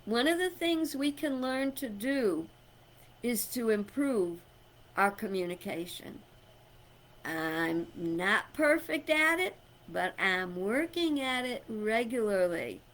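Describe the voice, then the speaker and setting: A middle-aged woman who is a spiritual speaker gives an inspirational talk in a high-ish, sing-song, fairly bright voice at a slow pace. She is emphatic yet conversational, sharing personal stories and chuckling along the way.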